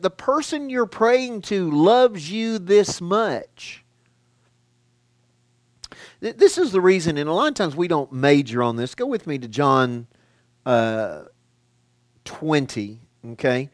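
A man preaching a sermon, talking in a conversational way and asking the listeners questions, his delivery swinging from loud emphasis to a hushed tone. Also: a little high, very animated, slow, pauses often, no echo.

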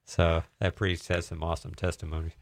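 Very deep-voiced man in a dry recording. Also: little pitch movement, fairly quick, no echo. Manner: conversational, with frequent restarts. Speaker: co-host of a Christian show. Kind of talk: casual chat and scripture reading.

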